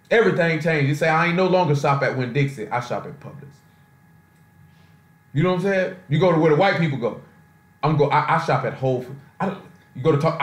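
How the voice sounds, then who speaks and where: A man giving an informal sermon on a conference call, talking in a loose, streetwise way full of rhetorical asides. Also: on the high side. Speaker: preacher. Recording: roomy echo.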